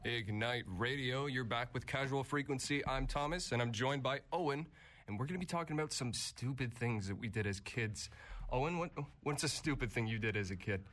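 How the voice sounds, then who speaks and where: A man's voice: mid-range voice, a bit bright. A man hosting a student radio show, chatting casually and laughing easily with his co-host. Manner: laid-back, chatty, quick to laugh. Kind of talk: casual chat.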